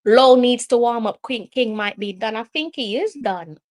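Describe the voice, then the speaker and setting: A woman with a Jamaican accent and a fairly high voice commentates over a live football match for her stream. She is excitable and exasperated, and drifts between standard English and patois as the play unfolds. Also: normal speed.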